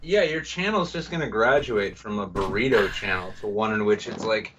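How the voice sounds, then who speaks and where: A man with a fairly low pitch and fairly bright tone co-hosts a live-streamed podcast, heard through dull lo-fi audio with a bit of hiss or hum, a little distant from the mic. He jokes around and teases his guests in casual banter, switching quickly into silly voices for quoted bits.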